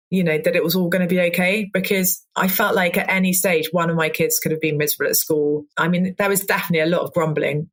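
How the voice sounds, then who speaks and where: A woman in her forties talks openly as a podcast guest, her voice sitting a little low. She rambles, restarts her sentences and acts out little quoted exchanges as she goes. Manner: open, rambling, with many restarts and quoted asides. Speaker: guest cook. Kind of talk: candid podcast interview.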